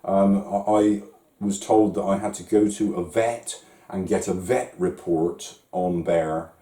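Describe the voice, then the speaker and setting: Hesitant man, very low voice. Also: fairly even intonation, slow, dark tone. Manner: hesitant, many restarts and fillers. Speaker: vlogger. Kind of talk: reflective talk to camera. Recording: roomy echo.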